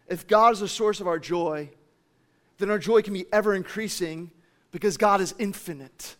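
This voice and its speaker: A man preaching a sermon with passion, swinging between loud declarations and hushed, soft passages. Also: high voice, moderate pace. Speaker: pastor.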